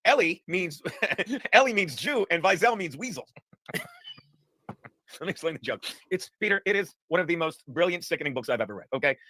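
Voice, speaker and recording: A man's voice: on the high side, sing-song, fairly quick, bright, forceful tone, no room sound. A man hosting a casual talk show, rambling, profane and laughing through his stories. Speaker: podcast host. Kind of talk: casual chat.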